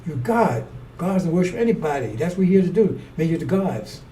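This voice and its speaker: Here a man preaches a fiery street sermon that rambles and turns blunt and profane, his fairly high voice warm, sing-song, and fairly quick. It's captured on a distant mic with a faint background of noise.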